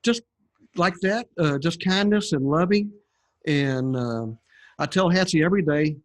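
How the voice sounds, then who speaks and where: A man's voice: fairly high pitch, lively intonation, unhurried. An older man, a podcast guest, telling his story in a rambling, conversational way with many fillers. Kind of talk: conversational testimony.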